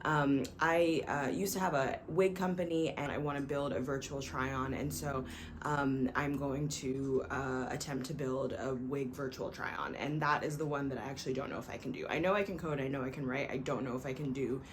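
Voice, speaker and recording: Low-voiced chatty woman vlogging. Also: steady tone, moderate pace, noisy background. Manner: chatty, self-deprecating, rambling with fillers. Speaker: vlogger, software engineer. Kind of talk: casual talk to camera.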